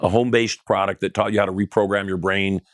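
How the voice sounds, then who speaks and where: A middle-aged man recounts his story as an interview guest in a low voice. He talks with animation and acts out the other people's lines. The sound is dry and close. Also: flat delivery, quick pace, no echo.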